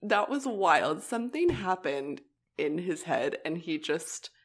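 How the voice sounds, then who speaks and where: Lively young woman chatting with laughs. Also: lowish voice, takes it slowly. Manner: animated, laughing, heavy use of "like". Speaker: podcast co-host. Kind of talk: casual chat.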